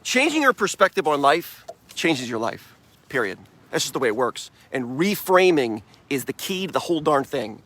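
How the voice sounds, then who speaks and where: A man's voice: a little high, sing-song, normal speed, fairly bright tone. A middle-aged man giving a motivational talk, upbeat and emphatic, often laughing as he speaks.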